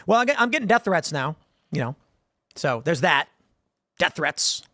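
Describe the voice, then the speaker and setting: A man's voice: fairly high pitch, big pitch swings, normal speed, sharp tone, no room sound, studio quality. A man in his thirties hosting a casual commentary show, rambling and repeating words as he thinks. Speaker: host.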